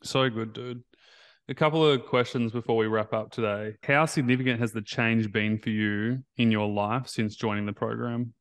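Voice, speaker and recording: A man's voice: medium pitch, fairly even intonation, moderate pace, clean tone, no echo. A man hosting a casual interview as a recovery coach, affirming and encouraging his guest.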